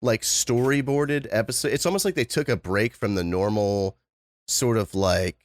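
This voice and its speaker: A man's voice: lowish voice, moderate pace, no echo, studio quality. A man co-hosting a podcast, laid-back and casual, swearing now and then. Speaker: podcast co-host. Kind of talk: casual chat.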